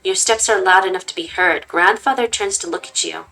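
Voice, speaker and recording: A woman reading a text-based game aloud in an expressive way and stopping to make casual remarks. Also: lowish voice, brisk, few pauses, soft background music, low-quality recording. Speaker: gaming channel host. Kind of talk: reading a visual novel aloud with comments.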